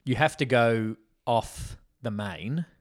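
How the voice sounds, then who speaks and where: A man's voice: medium pitch, animated, slow. A man, co-hosting a casual film podcast, talkative and questioning, acting out quotes playfully. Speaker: podcast co-host. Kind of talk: casual film discussion chat.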